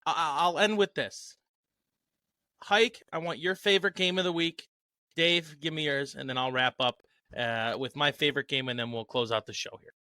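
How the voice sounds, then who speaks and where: A man hosting a casual podcast, his voice fairly high and bright, recorded dry and close. He tosses off wry remarks and keeps the discussion moving. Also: fairly even intonation, normal speed, no echo. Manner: wry quips, steers the conversation. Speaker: podcast host. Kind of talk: casual sports chat.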